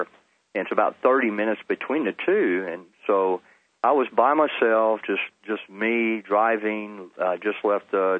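Over a tinny telephone line without room sound, a middle-aged caller from Texas earnestly tells his personal testimony as a phone-in guest. His voice is on the low side, and he restarts sentences as he goes.

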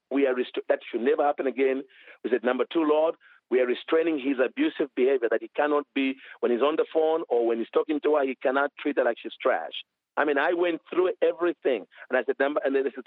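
A man minister telling a lively testimony in an interview, acting out quoted dialogue as he goes. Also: a little high, dry recording, narrow, tinny audio. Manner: animated storytelling with quoted dialogue. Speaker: minister, author.

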